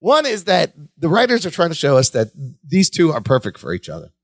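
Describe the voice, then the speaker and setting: Guy on a rewatch podcast, high lively voice, bounces all over when he acts out lines, dry close mic. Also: brisk, no echo. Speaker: podcast co-host. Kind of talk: casual chat recapping a sitcom.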